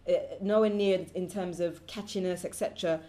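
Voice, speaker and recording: A woman co-hosting a music review show in casual chat, blunt and dry, often trailing off quietly. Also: lowish voice, fairly even intonation, brisk.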